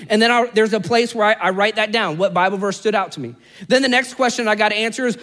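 Pastor, male, high voice, earnest and conversational. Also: quick pace, a bit bright. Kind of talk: sermon.

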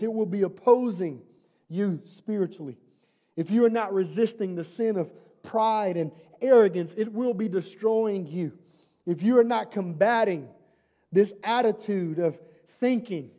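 A pastor with a high-sitting, warm voice preaches a sermon in a conversational, humorous way. He asks the congregation questions and builds up to emphatic repeated lines.

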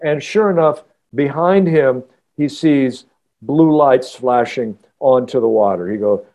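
A man, an author guest on a podcast, telling a story in a halting, earnest way with many restarts. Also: medium pitch, warm tone. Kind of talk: casual podcast interview storytelling.

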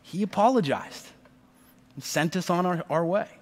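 A man in his thirties, a pastor telling a story in a sermon, animated and acting out the voices of the people in it. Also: sits high, moderate pace. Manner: animated, acts out voices in stories. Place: church sanctuary. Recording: long reverb of a large hall.

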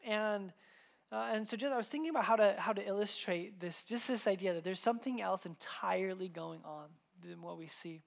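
A young man preaching a sermon, telling personal stories in an animated, conversational way with frequent restarts. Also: sits high, fairly quick, vocal fry.

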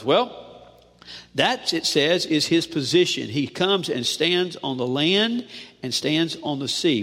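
A male pastor preaching a sermon, asking "amen?" often and swinging between loud declarations and hushed lines. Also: sits high, vocal fry. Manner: preachy call-and-response with frequent "amen?". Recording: long hall reverb.

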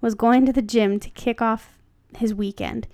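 A woman's voice: on the high side, fairly even intonation, moderate pace, darkish tone, no room sound, studio quality. A woman co-hosting a casual podcast, reading a fan story aloud and breaking off to joke and comment. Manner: chatty, joking, stops to comment.

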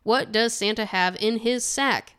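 A woman's voice: fairly high pitch, measured pace, a bit bright, clear, resonant tone. A woman co-hosting a true crime podcast in casual chat, joking and laughing often. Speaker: podcast co-host.

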